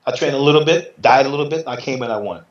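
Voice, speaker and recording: Brief: man, middle-aged, relaxed storyteller who voices other people's lines, roomy slightly dull recording. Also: medium pitch, fast talker. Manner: animated, acts out quotes in other voices. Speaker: interview guest, retired bodybuilder. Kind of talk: casual storytelling.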